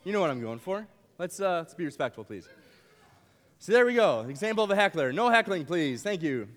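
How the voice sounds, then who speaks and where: A young man preaching to a youth camp with a playful, animated delivery, joking with the audience in a large hall. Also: sits high, brisk. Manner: playful, animated, uses props and jokes with the crowd. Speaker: camp speaker. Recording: long hall reverb.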